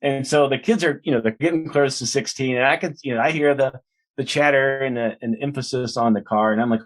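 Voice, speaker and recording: A man's voice: medium pitch, brisk. A man in his forties, a minister and author, chatting as a guest in an interview and telling stories with lots of restarts. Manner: chatty storyteller, full of "you know" and restarts. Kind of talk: casual interview conversation.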